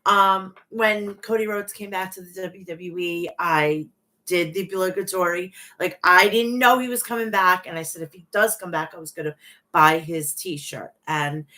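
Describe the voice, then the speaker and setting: Tearful forties woman vlogger, unhurried delivery, sharp bright voice, swears freely. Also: fairly low pitch. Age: 40s. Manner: emotional, profane, gushing. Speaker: wrestling show reviewer. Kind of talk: casual review vlog.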